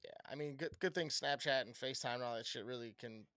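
A man's voice: medium pitch, fast, pushed and bright, no room sound, studio quality. Casual profane American podcast guy. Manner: loose, profane storytelling. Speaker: podcast co-host. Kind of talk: casual chat.

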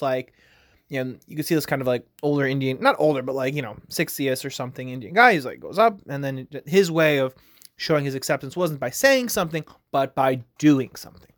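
A man's voice: mid-range voice, a bit bright, no echo, studio quality. A man hosting a podcast, talking casually on his own in a rambling way, full of fillers. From United States. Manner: rambling, heavy on fillers like "like" and "you know". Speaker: podcast host. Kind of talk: casual solo commentary.

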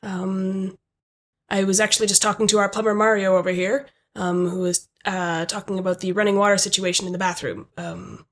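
A woman voicing a fussy, hurried manager with a put-on British accent, hesitant and formal. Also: mid-range voice, flat delivery, lightly acted. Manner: hesitant, lots of ums, formal.

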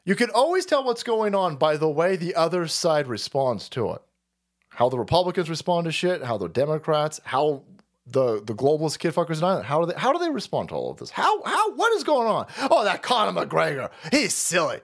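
A man hosting a livestream, ranting crudely about politics and reacting to chat, cursing freely, laughing often and breaking into sudden shouts. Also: a little high, big pitch swings, brisk. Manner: foul-mouthed, rowdy, laughs and shouts often. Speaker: livestream host.

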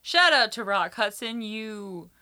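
A woman chatting casually as a podcast guest, telling animated stories with lots of "like" fillers and frank swearing. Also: a little high, takes it slowly. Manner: animated storytelling, many "like" fillers, swears freely. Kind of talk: casual chat.

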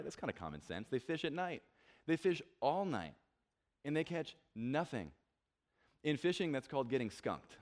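A young man preaching a casual, conversational sermon, acting out quotes and joking about himself. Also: mid-range voice. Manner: conversational, self-deprecating, acts out quotes. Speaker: pastor.

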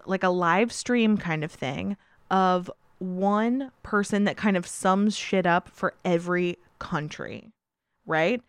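Female podcast co-host, mid-pitched, quick to laugh, eager comic chat, dry close sound. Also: clean tone, dry recording. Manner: giggly, enthusiastic, laughs often. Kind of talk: casual comedic chat.

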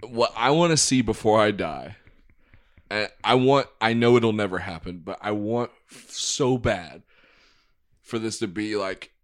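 A man's voice: lowish voice, measured pace. A young man co-hosting a podcast, trading sarcastic, mock-insulting banter in casual chat. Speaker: podcast co-host.

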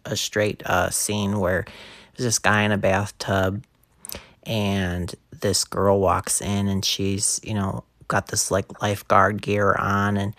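A man telling funny anecdotes in casual podcast chat, animated, acting out the quotes in a raised voice. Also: no room sound, studio quality. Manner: animated, acts out quotes in a high voice. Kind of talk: casual storytelling.

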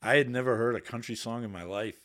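A man's voice: medium pitch, fast talker, a bit bright. A man, a podcast guest and Navy veteran, telling stories in casual, candid talk with plenty of swearing. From Boston area. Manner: candid, swears freely, quotes himself in raised voice. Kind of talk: casual storytelling. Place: podcast studio.

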